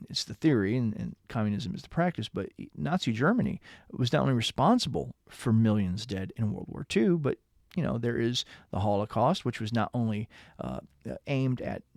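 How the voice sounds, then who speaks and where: A man's voice: medium pitch, gravelly, dry recording, clean studio sound. A middle-aged man, a religious teacher, giving an earnest, emphatic lecturing monologue and repeating key words for emphasis.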